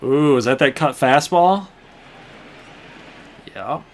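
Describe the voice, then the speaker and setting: A young man with a mid-range, expressive voice hosts a gaming channel, speaking at a slow pace. He chats to viewers with casual play-by-play commentary as he plays a baseball video game.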